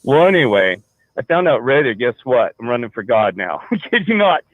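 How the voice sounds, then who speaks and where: A man's voice: medium pitch, sing-song, brisk, no room sound. Rambling man on a tinny phone line. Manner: rambling, full of restarts and fillers. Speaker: caller. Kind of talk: rambling personal story on a call-in show.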